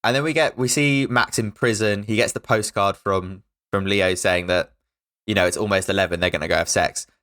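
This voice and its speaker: A man's voice: on the low side, steady tone, brisk, a bit bright. A man co-hosting a podcast, chatting eagerly about a film and acting out its lines. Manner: enthusiastic, quotes film lines in put-on voices. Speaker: podcast co-host. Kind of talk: casual film review chat.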